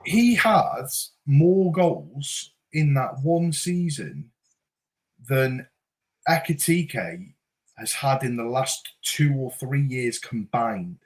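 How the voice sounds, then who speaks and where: Lively-pitched man, laughing football chat. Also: drawn-out words. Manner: laughs often, stammers on starts. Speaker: podcast co-host.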